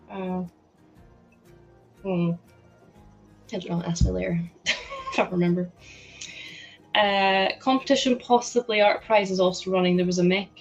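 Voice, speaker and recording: A woman with a Scottish accent hosting a casual livestream, chatting bubbly with viewers and laughing often. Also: on the low side. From Scotland. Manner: bubbly, laughs often, greets chat excitedly. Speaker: livestream host. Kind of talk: casual livestream chat while building.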